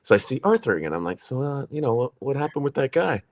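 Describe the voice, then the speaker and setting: Animated New man telling a wild story. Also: mid-range voice, fast, hardly any pauses. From New York. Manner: animated storyteller, swears, acts out quoted people. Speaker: podcast co-host. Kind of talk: casual storytelling chat.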